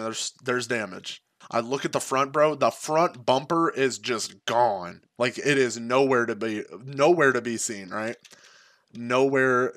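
Young male streamer, mid-pitched, laid-back slangy storyteller, dry close sound. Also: fairly bright tone, no echo. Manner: laid-back, profane, slangy, filler-heavy. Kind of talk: casual storytelling.

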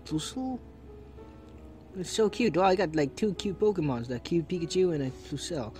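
Chatty man with hiccups, lively voice. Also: fairly high pitch, fairly quick, soft background music. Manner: chatty, easily delighted, thinks aloud. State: has the hiccups. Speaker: YouTuber opening trading card packs. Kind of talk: casual unboxing commentary.

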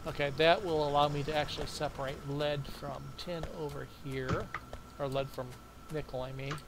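A man's voice: on the high side, flat delivery, moderate pace, background noise. An American man talking through his moves while playing a co-op game, methodical and full of ums and uhs. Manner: methodical, thinks aloud with many fillers. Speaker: co-op game player. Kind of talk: casual gaming chat.

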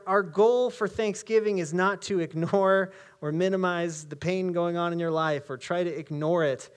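A male pastor with an American accent, preaching a conversational sermon in a church and reading scripture slowly with emphasis. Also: a little high. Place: church sanctuary.

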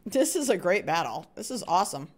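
A woman's voice: fairly low pitch, big pitch swings, brisk. A woman streaming a game live, chatting with viewers, cheering on other players and humming little sound effects as she plays. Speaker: gaming streamer. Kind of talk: live Minecraft stream commentary.

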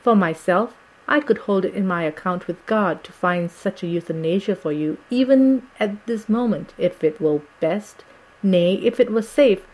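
A solemn, fatherly old doctor, read by a woman narrator in an audiobook, speaking gravely and earnestly. The voice sits in a middle register and is only lightly acted. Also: medium pitch, normal speed, darkish tone, close to an everyday voice, low-quality recording. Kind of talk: audiobook character reading.

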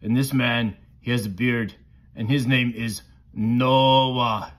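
A man's voice: medium pitch, steady tone, takes it slowly, close to an everyday voice. A man voicing a friendly male monster puppet who tells a Bible story to a child in broken, simple grammar. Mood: playful.

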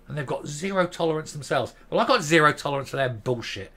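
A man in his fifties hosting his own channel, ranting bluntly and profanely to camera and stopping now and then to calm himself down. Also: on the high side, brisk, hardly any pauses, breathy edge. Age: 50s. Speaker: commentary channel host. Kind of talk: angry opinion rant to camera.

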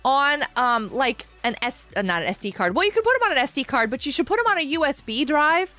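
A woman's voice: sits high, sing-song, quick pace, pushed and bright. A woman game streamer chatting casually on a live stream and greeting viewers by name. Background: faint background music.

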